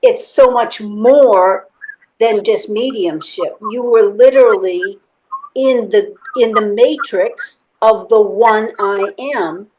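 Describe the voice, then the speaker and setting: A woman teaching a church group, explaining spiritual ideas slowly and deliberately, repeating her phrases. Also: medium pitch, darkish tone, a little hiss or hum, poor audio.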